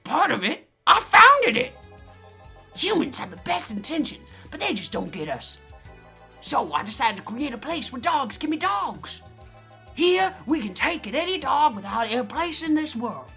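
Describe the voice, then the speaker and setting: Brief: woman doing a proud, bossy male corgi boss, animated game voice. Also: high-pitched, normal speed, gravelly, soft background music, voice pushed up, full character voice. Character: gruff male corgi boss with eye patch.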